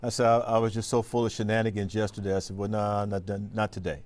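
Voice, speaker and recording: A man's voice: lowish voice, level tone, fast. A man chatting on a TV after-show in a laid-back, slangy way, reading out viewer comments. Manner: laid-back, slangy, warm to his co-host. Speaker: sports anchor. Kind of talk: casual on-air chat. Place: TV studio.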